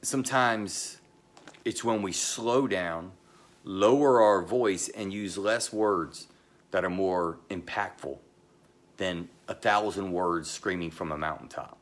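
A middle-aged man, the pastor, delivering a sermon in a slow, emphatic way, pausing often and dropping to a low voice, with chatty asides to the congregation. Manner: slow, emphatic delivery with pauses and sudden drops to a quiet voice.

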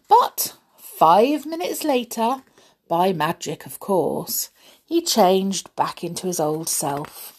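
A woman reading a children's book aloud in an expressive, gently playful way. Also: fairly low pitch, takes it slowly, slightly rough. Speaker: storyteller.

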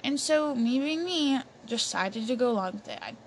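A woman's voice: a little high, animated, moderate pace. A young woman telling a personal story in a chatty way, with many fillers and restarts. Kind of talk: casual storytelling. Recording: faint background noise.

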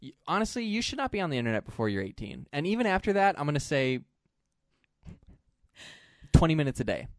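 Joking male podcast co-host, animated delivery, dry close recording. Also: fairly high pitch, quick pace, long pauses, dry recording. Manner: joking, playful, puts on silly accents. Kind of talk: casual podcast chat.

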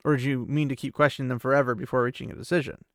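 A man's voice: mid-range voice, steady tone, rapid-fire, no room sound, lightly acted. A man reading the lines of a stern, imperious woman with a cold, cutting manner, close to his own voice. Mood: scornful.

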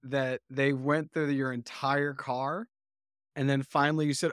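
A man's voice: mid-range voice, flat delivery, unhurried, a bit bright, no echo, studio quality. A man co-hosting a podcast, joking and teasing in casual banter. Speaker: podcast co-host. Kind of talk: casual chat.

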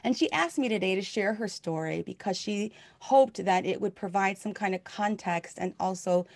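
A woman's voice: medium pitch, normal speed, gravelly, no echo. A middle-aged woman minister giving a heartfelt, conversational sermon with many fillers.

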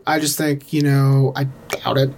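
A man's voice: mid-range voice, monotone, unhurried, a little mellow, a little hiss or hum. A man casually chatting about a film on a podcast, rambling with lots of fillers and restarts. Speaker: podcast co-host. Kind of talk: casual movie chat.

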